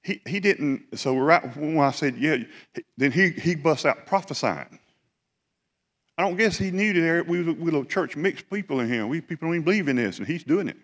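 A man from South Georgia with a Southern US accent, preaching a lively testimony sermon with animated storytelling. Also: fairly high pitch, moderate pace. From South Georgia, USA. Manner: animated storytelling, building to fervent praise. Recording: reverberant hall.

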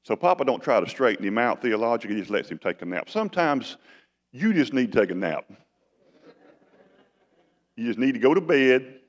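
A man preaching a sermon as pastor, with folksy, animated delivery. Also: on the low side. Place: church sanctuary. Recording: long church reverb.

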